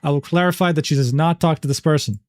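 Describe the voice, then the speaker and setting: A streamer goes through drama documents live, reading messages and screenshots out loud and reacting with sarcastic, profane exasperation. He talks at a quick pace in a slightly mellow, higher voice. The sound is dry and studio quality.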